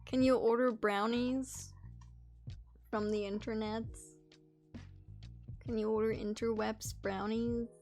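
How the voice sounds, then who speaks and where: A woman's voice: on the high side, level tone, takes it slowly, pauses often, a little mellow, faint music behind. A young woman live-streaming in casual chat, teasing her friends playfully and swearing freely.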